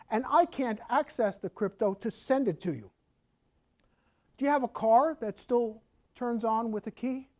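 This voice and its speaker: Woman, lecturing accountant, rhetorical questions, fairly high voice. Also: darkish tone. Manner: explanatory, with rhetorical questions and asides. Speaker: accountant and auditor giving a lecture. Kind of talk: conversational lecture.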